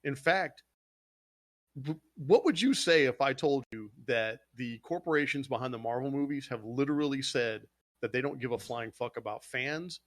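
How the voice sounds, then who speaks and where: Male podcast host, mid-pitched, dry close mic, heated cursing rant, brief note. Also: moderate pace, no room sound. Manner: heated, swearing, mocks gamers in put-on quotes. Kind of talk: casual profane gaming podcast rant.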